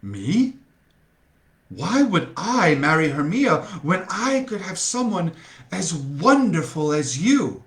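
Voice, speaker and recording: A smitten young man read by a man murmurs his devotion in a soft, slow, earnest voice. The lines come at a very unhurried pace. An echoey room lingers around the reading. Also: on the high side, big pitch swings, heavily acted.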